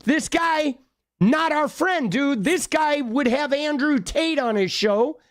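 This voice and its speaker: A woman's voice: high-pitched, takes it slowly. A woman co-hosting political commentary on a livestream, sarcastic and full of rhetorical questions. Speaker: livestream co-host.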